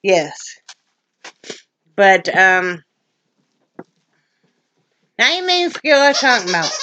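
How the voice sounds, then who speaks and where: An older woman from Wyoming, vlogging in casual, rambling chat to her viewers, emotional and quick to laugh. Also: medium pitch, a bit bright. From Wyoming, USA.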